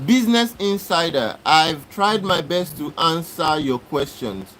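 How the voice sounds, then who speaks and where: A man's voice: fairly high pitch, animated, slow pace, sharp tone, slight background noise, poor audio. A man hosting a live stream, arguing with commenters in a repetitive, exasperated lecturing way. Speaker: livestream host. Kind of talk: live-stream talk answering chat comments.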